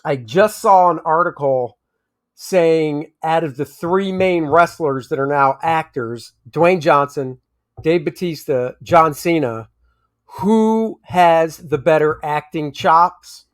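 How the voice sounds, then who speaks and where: A man's voice: a little high, takes it slowly. A man co-hosting a casual movie review chat, rambling and often restarting as he searches for names. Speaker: movie review podcast co-host.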